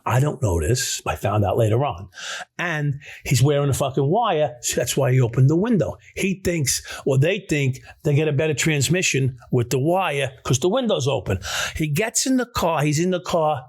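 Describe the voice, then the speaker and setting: A man hosting a podcast, telling a story in a casual, animated way that is full of swearing and stammered restarts. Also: on the high side, moderate pace, husky.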